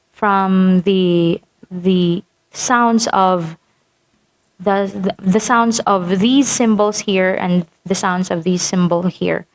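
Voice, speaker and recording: A woman teaching vowel sounds in a patient lesson, repeating sample words to demonstrate them. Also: medium pitch. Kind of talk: phonetics lesson.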